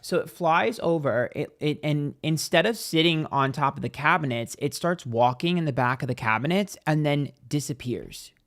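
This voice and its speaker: A podcast guest tells a long personal story in a chatty, casual way, using "like" constantly and acting out the quotes. His voice is a little high and fairly bright, moving at a normal speed with hardly any pauses.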